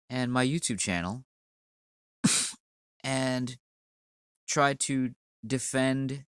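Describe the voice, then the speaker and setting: A man's voice: mid-range voice, bright, forceful tone, no room sound. A man with a sinus cold delivering a profane, rambling, stammering rant at a commenter on his channel. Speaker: channel owner. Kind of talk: ranting monologue.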